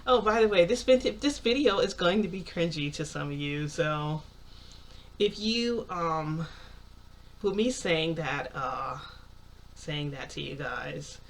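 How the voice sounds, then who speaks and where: A man tells a story to his viewers in a loose, rambling way, leaning on "like" and breaking into small laughs. His voice sits a little high. A faint hiss runs underneath. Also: slow. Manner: rambling, heavy use of "like"; chatty, laughs often. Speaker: vlogger. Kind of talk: casual storytelling.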